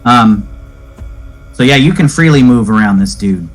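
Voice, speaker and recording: A man's medium-pitched, animated voice comes through a rough recording with faint music in the background as he game-masters a tabletop session. Chatty by nature, he goes on at length about the rules and tosses out quick questions when he's unsure.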